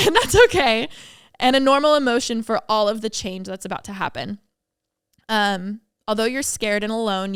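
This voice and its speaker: A woman hosting a podcast alone, talking openly and from the heart, quick to laugh, on a studio mic. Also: medium pitch, clear, resonant tone, no echo. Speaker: podcast host. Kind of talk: candid solo podcast reflection.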